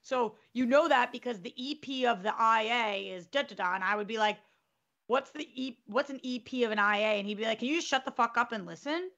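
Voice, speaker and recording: A woman's voice: on the high side, brisk, lo-fi sound. A woman casually telling a long dating story, acting out both sides of the conversation and swearing freely. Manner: animated, acts out quotes, swears freely. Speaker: storyteller in a group chat.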